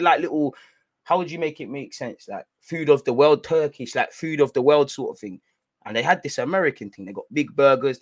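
Slangy man telling an anecdote. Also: medium pitch. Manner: rambling, slangy, animated storytelling with repeated restarts. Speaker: storyteller.

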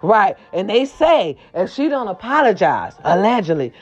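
A woman hosting a casual celebrity gossip chat, sassy and animated, repeating her catchphrases, with a sore throat. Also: medium pitch, normal speed, husky, highs cut off, soft background music. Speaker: gossip vlog host.

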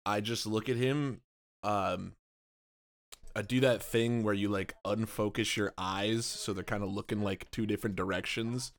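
A man's voice: on the low side, steady tone, a little slow. A man playing a character in a comedy tabletop game, joking casually with hesitant fillers. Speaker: player. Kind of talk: improvised role-play.

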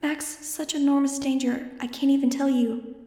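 Woman voicing a frightened little girl, high and faint. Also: steady tone, normal speed, mellow, echoey room, big-room sound, natural voice. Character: frightened young girl telepathically calling.

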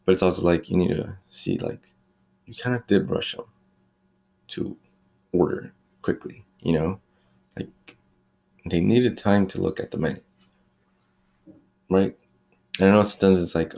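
A young man with a deep voice and a gravelly, creaky edge talks in a loose, rambling rant. He sounds exasperated, peppering his speech with "like", "you know" and swearing as he vents about work at a fast-food shop. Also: steady tone, dark tone. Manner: exasperated, venting about rude customers. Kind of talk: casual ranting monologue.

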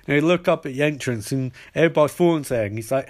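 A man's voice: a little high, brisk, hardly any pauses, darkish tone. A man retelling a show in a rambling, comic way, with many fillers. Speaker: show recapper. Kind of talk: comedic show recap.

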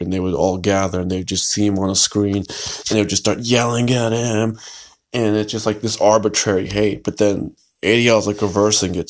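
A man hosting a solo podcast, talking in a rambling, hesitant way with many fillers and restarts. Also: low-pitched. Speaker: podcast host.

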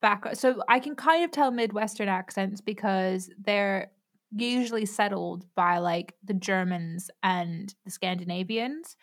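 American woman, podcast co-host, mid pitch, easygoing, dry humor. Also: unhurried. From United States. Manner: easygoing, laughs often, dry joking. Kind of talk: casual chat.

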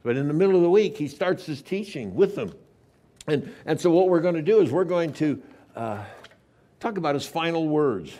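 A man as a pastor preaching a sermon, telling the story with sudden swings between loud passages and hushed ones. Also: on the high side, animated, moderate pace.

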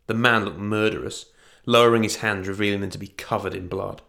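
A man narrating a fantasy story in an even storytelling manner. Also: on the low side, fairly quick, creaky.

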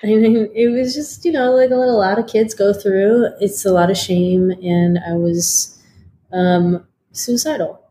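As a guest, a Detroit woman in her forties frankly tells her life story in a candid interview, swearing a lot and using plenty of fillers. Her medium-pitched voice is warm and a little slow, with slight background noise.

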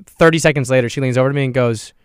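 Animated young male podcast co-host. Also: medium pitch, racing, smooth, dry recording, studio quality. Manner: animated storyteller, acts out voices. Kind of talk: casual chat.

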